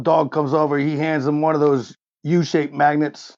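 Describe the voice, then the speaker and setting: A man's voice: a little high, steady tone, brisk, few pauses, darkish tone, no echo. A man in his forties narrating as game master in a laid-back, chuckling way. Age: 40s. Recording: dull, lo-fi sound.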